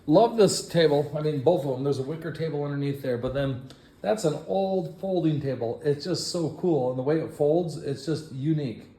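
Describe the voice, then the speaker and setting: A man giving a playful, self-mocking walk-through of a house set up for an estate sale, breaking into excited exclamations. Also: on the high side, moderate pace. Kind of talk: walk-through tour narration.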